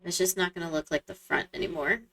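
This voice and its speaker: A woman's voice: on the low side, fairly even intonation, fast talker, creaky, fairly bright tone, a little hiss or hum. A woman streamer giving casual gameplay commentary, musing aloud to herself in a hesitant way. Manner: muses aloud, hesitant and self-talking.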